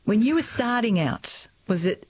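A woman's voice: on the high side, lively intonation, normal speed, a little mellow, slightly rough. A woman with an Australian accent hosting a live radio talk show, interviewing guests conversationally with brief affirmations. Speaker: radio host.

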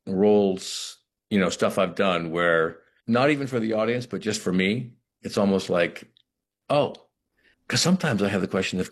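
A man with a deep, husky voice talks through his craft in an interview. He muses aloud, pausing and restarting his thoughts as he goes. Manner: thoughtful, halting, with frequent restarts and "you know". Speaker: actor, interview guest. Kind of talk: reflective interview conversation.

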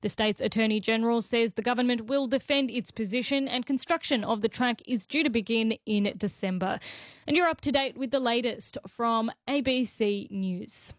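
A woman reading a radio news bulletin in a measured, formal way. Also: fairly high pitch, no room sound. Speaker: newsreader.

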